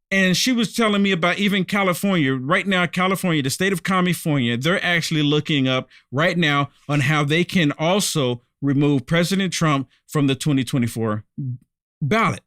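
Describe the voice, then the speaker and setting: A man's voice: high-pitched, a bit bright, no room sound, clean studio sound. A man hosting a live-streamed political commentary, emphatic and repetitive, talking straight to his viewers and thanking them by name.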